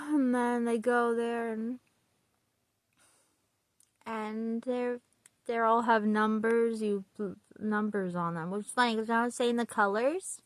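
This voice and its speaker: A woman's voice: a little high, no echo. Giggly rambling woman vlogger, dry close mic. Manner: rambling, laughing often, retells scenes with quoted lines. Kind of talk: casual book chat while getting ready.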